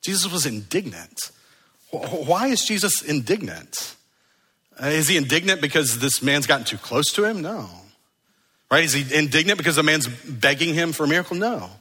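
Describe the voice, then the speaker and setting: Man, pastor, sermon, bright tone, husky edge, rhetorical questions. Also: on the high side, expressive, fairly quick, long reverb tail. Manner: earnest, conversational preaching with rhetorical questions.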